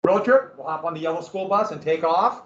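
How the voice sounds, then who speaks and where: Male teacher, a touch high-voiced, casual and jokey, lecturing from across a roomy classroom on a dull mic. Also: a little fast, fairly bright tone, recorded from a distance. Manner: casual, joking, digressive storytelling.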